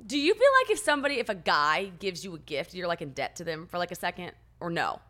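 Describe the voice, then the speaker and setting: A woman's voice: on the low side, big pitch swings, fast, pushed and bright. A woman guest on a podcast, asking curious, reflective questions in casual chat.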